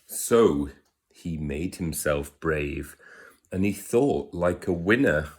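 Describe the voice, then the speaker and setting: Deep voiced guy reading a kids story, slow and gentle, asks questions. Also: expressive. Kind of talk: reading a rhyming picture book aloud.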